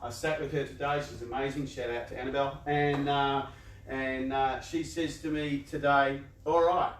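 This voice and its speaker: A man's voice: mid-range voice, level tone, normal speed, a little hiss or hum. A man gives a motivational talk to a live audience in a large room. He talks conversationally and playfully, laughs often, and acts out people's inner voices. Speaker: youth organisation speaker. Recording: echoey room, voice picked up from a distance.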